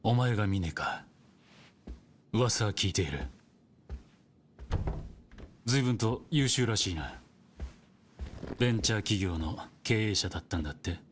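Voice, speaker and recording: A man's voice: fairly low pitch, lively intonation, slight background noise, natural voice. A man playing a stern, commanding yakuza boss. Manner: measured, commanding. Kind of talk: video game voice acting.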